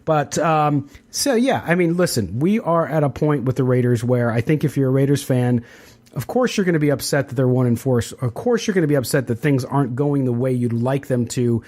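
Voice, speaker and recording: A man's voice: mid-range voice, a little mellow. A middle-aged man hosting a sports podcast, reading sponsor spots and chatting casually with frequent fillers. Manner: conversational, quick sponsor reads with fillers. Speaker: podcast host.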